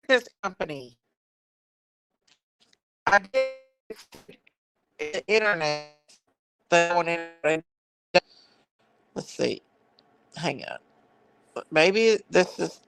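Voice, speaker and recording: Slow, gravelly woman, flustered. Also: lowish voice, fairly bright tone. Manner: apologetic and flustered. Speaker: true crime streamer. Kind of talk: casual livestream chat.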